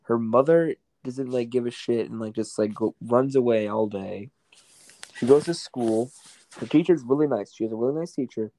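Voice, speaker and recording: A man's voice: mid-range voice, normal speed, mellow, slight background noise, poor audio. A man in casual chat, talking bluntly and crudely, swearing freely and correcting others drily. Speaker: stage actor guest.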